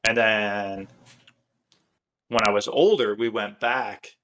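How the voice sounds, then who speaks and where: A man's voice: on the low side, fairly even intonation, takes it slowly, noisy background. A man hosting a podcast, chatting casually and telling rambling stories full of fillers. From Michigan. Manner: rambling storyteller, many fillers. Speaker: podcast host. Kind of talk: casual chat.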